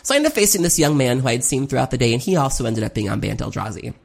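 This tournament recap comes from a card game player speaking rapid-fire in a sing-song, gravelly, medium-pitched voice. It's rambling and casual, packed with "um"s and occasional swearing, and the speaker is openly self-critical.

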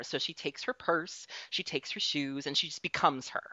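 A woman hosting a casual interview, telling stories in an excitable, animated way. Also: on the low side, normal speed, hardly any pauses, dry recording, dull audio.

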